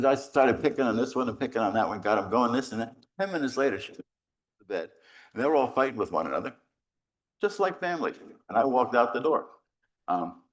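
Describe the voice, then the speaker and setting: A middle-aged man, a priest, giving a rambling, animated retreat talk full of stories and self-deprecating humor. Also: mid-range voice. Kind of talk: conversational retreat conference, storytelling.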